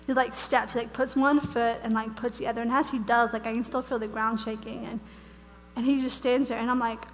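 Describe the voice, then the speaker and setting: A young woman giving an animated testimony to an audience, acting out her own quotes. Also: fairly high pitch. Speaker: Bible school speaker. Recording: long hall reverb, faint hum.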